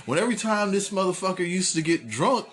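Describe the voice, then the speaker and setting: This man talks in a high, lively voice that swings up and down a lot. He is hosting a casual wrestling recap, full of profanity and jokes. When he retells a story, he slips into put-on voices for the people in it. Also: quick pace. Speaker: podcast host.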